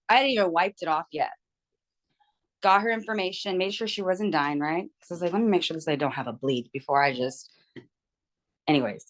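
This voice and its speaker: A tired young woman on a video call, telling a story candidly in casual chat. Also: mid-range voice. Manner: candid, storytelling, quotes people in her retelling. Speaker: book club member.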